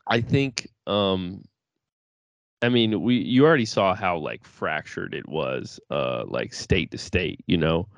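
A man's voice: low-pitched, slow pace, gravelly, no room sound. A man co-hosting a casual podcast chat, laid-back, swearing often and restarting his sentences. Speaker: podcast co-host.

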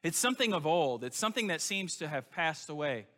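A male pastor delivers a sermon in an emphatic, conversational style, often turning to his listeners with questions. His voice is bright and forceful and sits a little high for a man. A long reverb trails each phrase, as in a large sanctuary. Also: very animated, brisk.

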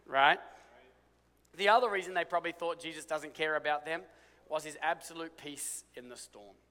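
A man with a high, bright, ringing voice preaches a sermon. He swings between forceful, emphatic lines and quiet, hushed ones. His voice carries a long reverb, as in a large hall. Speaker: pastor.

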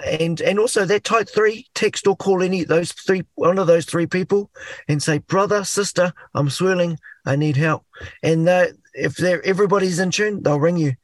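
NZ-accented middle-aged male guest, lively storyteller, high-pitched, dry studio sound. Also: moderate pace, no echo. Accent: New Zealand. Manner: animated, acts out inner voices. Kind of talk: casual chat.

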